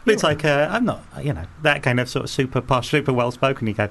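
An English man with a London accent co-hosting a relaxed chat. He tells stories with plenty of swing in his pitch, keeping it animated and conversational. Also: fast talker, few pauses, a little hiss or hum. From England. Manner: chatty, animated storytelling. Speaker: podcast co-host. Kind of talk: casual chat.

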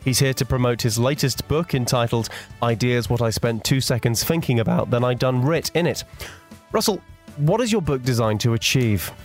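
A man hosting a scripted comedy news show and asking questions in a dry, deadpan way. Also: medium pitch, normal speed, faint music behind. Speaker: host.

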